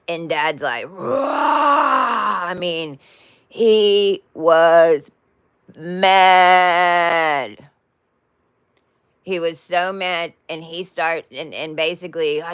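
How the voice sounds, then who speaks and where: A woman's voice: low-pitched, sharp tone, clean tone, no room sound. A woman telling a spiritual story in a casual, rambling way with many restarts and asides. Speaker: spiritual vlogger.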